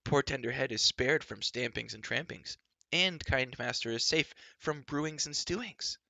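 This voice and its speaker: Man voicing a little excitable creature, rhyming odd speech, high gravelly. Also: moderate pace, no echo. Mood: joyful.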